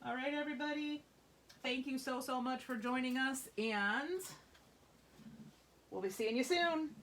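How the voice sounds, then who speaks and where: A woman's voice: high-pitched, unhurried, a bit bright. A woman hosting a live craft demonstration, chatty and upbeat, reassuring viewers as she shows a stamping technique. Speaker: craft workshop host. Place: craft store classroom.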